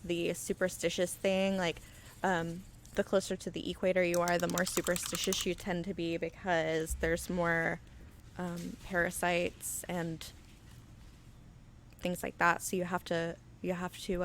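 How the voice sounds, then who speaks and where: In a flood-lit indoor studio, a woman with a low-leaning, fairly bright voice paints miniatures live, picked up by a webcam on auto with slight background noise. She chats in a rambling, casual way while demonstrating and reads viewers' comments aloud.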